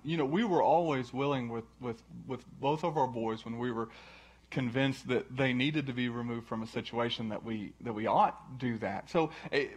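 Man, husky voice, halting church talk, frequent restarts. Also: medium pitch. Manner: halting, many restarts and fillers. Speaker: church speaker, husband of the previous speaker. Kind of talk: casual talk before a sermon.

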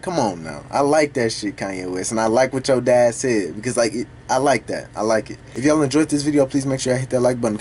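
A man recording casual reaction commentary for a video, talking back to the song in an animated, profane way. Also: mid-range voice, slight background noise. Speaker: music reaction YouTuber.

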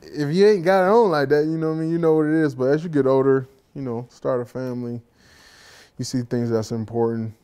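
A laid-back man in his thirties hosts a casual chat among friends. His voice is mellow and warm, and his pitch sits in the middle. He talks in easy slang and swears freely. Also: fairly even intonation, fairly quick, clear, resonant tone. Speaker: talk show host.

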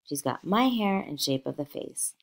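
A woman's voice: sits low, expressive, normal speed. A woman voicing a gushing, crooning young socialite. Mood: doting. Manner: crooning, sing-song.

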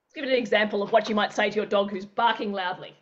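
A woman's voice: medium pitch, fairly even intonation, very fast, fairly bright tone, lo-fi sound. A woman teaching an interactive online workshop, acting out everyday scenarios with playful sound effects. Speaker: presenter.

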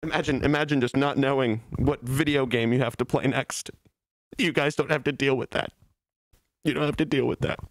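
A man's voice: mid-range voice, fairly even intonation, brisk, dry recording. A male streamer doing a mock-melancholy, self-pitying comic bit in casual stream chat, breaking into laughs, speaking from his office. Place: office, sitting on a beanbag.

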